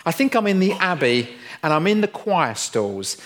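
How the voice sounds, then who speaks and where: A man's voice: a little high, big pitch swings, normal speed, fairly bright tone. A middle-aged man, preaching a humorous sermon in a playful, self-mocking storytelling way. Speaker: pastor.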